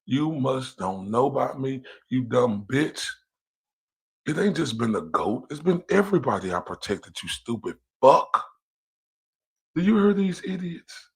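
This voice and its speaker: A livestream host who lives in Dallas, Texas, delivers a heated rant that is profane, taunting, and confrontational. His mid-range voice is very animated yet measured in pace, with a creaky, slightly rough quality.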